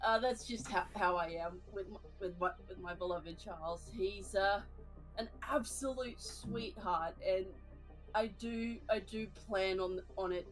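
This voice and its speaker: A woman chats casually on her game stream. She talks slowly and hesitantly, restarting her sentences and laughing often, with faint music in the background. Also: medium pitch, rough recording. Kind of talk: casual chat while gaming.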